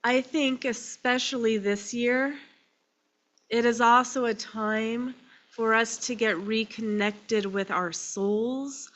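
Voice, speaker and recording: A woman minister preaching a sermon. She is crying and speaks in short phrases with pauses. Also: on the high side, fairly bright tone. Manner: slow, emotional and tearful, with pauses between phrases.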